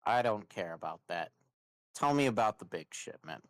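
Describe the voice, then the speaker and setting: Patient menacing interrogator, low voice, dry sound, a man in character. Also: no room sound. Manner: steady, unhurried threats. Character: calm, patient male interrogator.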